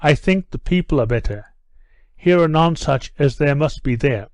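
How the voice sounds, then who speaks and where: A man reading aloud who voices an earnest, steady gentleman in his own voice. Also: fairly high pitch, moderate pace, no echo. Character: earnest gentleman, troubled, determined.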